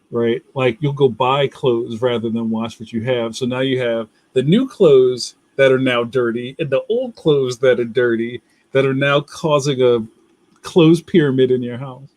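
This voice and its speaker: A man's voice: medium pitch, a little slow, darkish tone, dry recording. Rambling Philly man, dry close mic. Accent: Philadelphia. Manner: rambling, loose, laughs often. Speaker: livestream host reading viewer comments. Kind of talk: casual chat.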